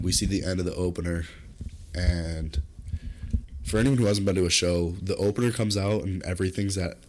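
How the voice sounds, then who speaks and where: A young man casually telling a long comic story on a podcast, swearing freely and jumping into high, loud voices when he quotes himself. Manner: animated storyteller, jumps high into acted quotes. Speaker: podcast co-host.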